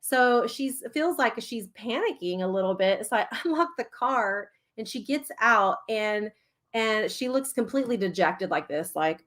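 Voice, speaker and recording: A woman's voice: medium pitch, normal speed, a bit bright. A woman in her thirties, a play therapist, talking casually and animatedly to her viewers, often laughing. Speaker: registered play therapist and parenting host. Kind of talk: casual talk to a live audience.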